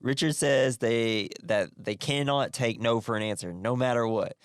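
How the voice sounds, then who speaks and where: A man's voice: medium pitch, moderate pace, clear, resonant tone, dry recording, studio quality. A man co-hosting a casual movie podcast, eagerly retelling scenes and acting them out with laughter. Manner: animated recapping, acts out scenes with shouting and laughing. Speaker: podcast co-host.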